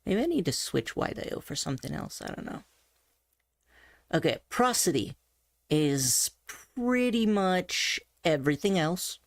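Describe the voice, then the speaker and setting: A woman teaches voice basics in a low, slow, easygoing way, chatty and given to side remarks and quick self-corrections. Her voice sits close and dry at the mic, with no room around it. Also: expressive, no room sound. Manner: chatty, thinks aloud with asides and self-corrections. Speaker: voice coach. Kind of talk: casual explanatory teaching. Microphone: desk mic on a face-tracked avatar setup.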